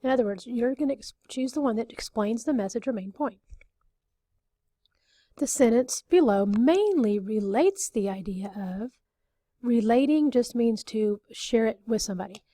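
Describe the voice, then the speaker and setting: Woman teacher, mid-high and mellow, patient and repetitive, dry close recording. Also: expressive, normal speed, no echo. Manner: explains patiently, repeats and rephrases, frequent okays. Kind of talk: recorded classroom lesson.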